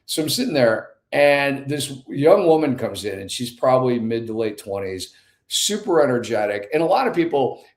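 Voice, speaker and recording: A man in his fifties, a podcast guest, telling a story with lively acted-out dialogue. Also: mid-range voice, normal speed. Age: 50s. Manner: animated storyteller, acts out dialogue. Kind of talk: conversational storytelling. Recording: echoey room.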